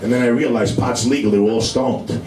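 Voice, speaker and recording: A middle-aged man with a thick New York accent works a stand-up crowd, rambling and streetwise, leaning on "you know" every few words. His voice sits at an ordinary pitch and bounces around a roomy club. Noisy room ambience hangs behind him. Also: fairly even intonation, normal speed, distant mic. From Brooklyn, New York. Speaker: stand-up comedian. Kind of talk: stand-up comedy set. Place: comedy club in front of a live audience.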